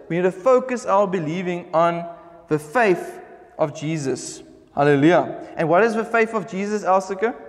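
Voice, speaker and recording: Pastor guy preaching, pretty high voice, lots of reverb from the church hall. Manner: emphatic preaching, slows down when reading scripture. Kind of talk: sermon.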